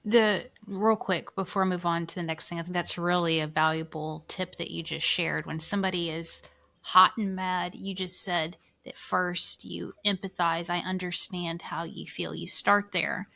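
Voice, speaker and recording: A female podcast host with a gravelly, bright voice, pitched a little low. She sums up her guest's advice and asks him to continue. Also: fairly even intonation, moderate pace. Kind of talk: casual interview.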